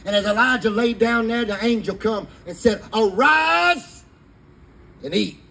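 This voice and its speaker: A man's voice: sits high, fairly quick, fairly bright tone, slight background noise, low-quality recording. A man, preaching fervently in a sermon to a live congregation. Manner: fervent preaching in Southern vernacular. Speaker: pastor.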